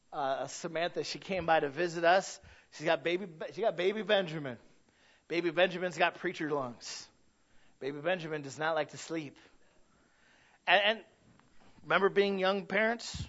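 Emphatic high-voiced male pastor preaching. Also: moderate pace, pauses often, highs cut off. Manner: emphatic, swings between loud pleading and quiet asides. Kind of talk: sermon.

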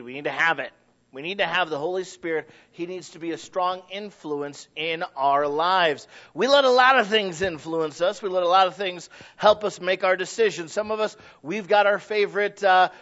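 A man preaching a sermon as pastor, animated and folksy, swelling loud and then dropping low. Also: moderate pace. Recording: dull lo-fi recording.

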